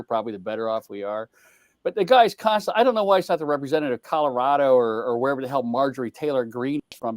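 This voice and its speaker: A man's voice: mid-range voice, no echo. An older man in casual political chat, blunt and profane, rambling with many restarts. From outside the South. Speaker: co-host.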